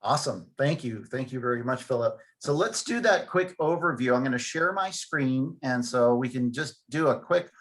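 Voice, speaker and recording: An upbeat man hosts a virtual tasting over a video call. He pokes fun at himself as he keeps things moving. His voice sits at a middle pitch. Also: lively intonation, moderate pace, few pauses. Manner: upbeat, self-deprecating. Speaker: host.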